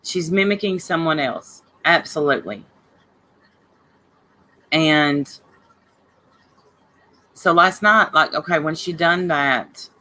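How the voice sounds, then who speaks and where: A woman's voice: low-pitched, slow pace, pauses often, sharp tone, rough recording. A woman hosting a casual livestream, greeting viewers by name and talking bluntly and heatedly about online drama. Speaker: livestream host reading chat.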